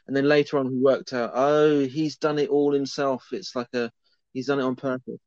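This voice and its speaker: A man co-hosting a casual film review chat, incredulous and quick to laugh. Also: medium pitch, little pitch movement, a little mellow, no room sound. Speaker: podcast co-host. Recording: slightly dull lo-fi mic.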